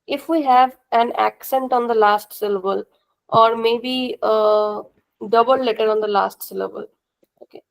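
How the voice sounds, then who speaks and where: Patient Indian woman teaching, gravelly. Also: a little high, steady tone, a little slow, low-quality recording. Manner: patient, repetitive explaining with questions to the class. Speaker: language teacher. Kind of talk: classroom lesson explanation.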